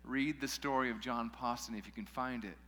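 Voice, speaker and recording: A man's voice: mid-range voice, steady tone, a little fast, a bit bright. A man preaching a sermon in a casual way, with joking asides to his listeners. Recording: long hall reverb.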